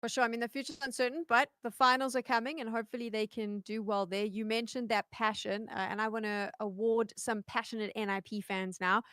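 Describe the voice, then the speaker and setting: A South African woman hosting an esports show, chatty and upbeat, reading out fan shout-outs. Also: on the high side, level tone, brisk, hardly any pauses, smooth, dry recording, studio quality. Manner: upbeat, chatty, stumbling through usernames. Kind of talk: live esports broadcast hosting.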